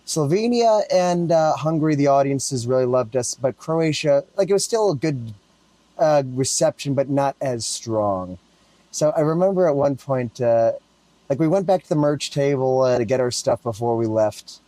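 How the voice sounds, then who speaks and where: Mellow-voiced man hosting a podcast. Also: medium pitch, expressive, normal speed, no echo. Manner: hesitant, lots of "uh" and restarts. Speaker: podcast host and musician. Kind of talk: casual chat.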